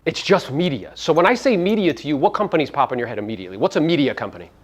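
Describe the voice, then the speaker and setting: A man's voice: on the high side, lively intonation, rapid-fire. A man giving a live motivational seminar talk to real estate agents, brash and profane, firing rhetorical questions at the audience.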